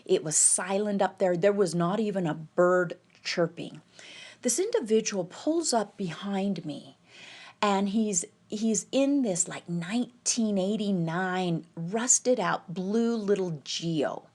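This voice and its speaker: A woman telling a tense personal story, halting and quoting the people she met. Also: medium pitch, a little mellow. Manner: tense, halting retelling with quoted dialogue. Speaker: podcast storyteller.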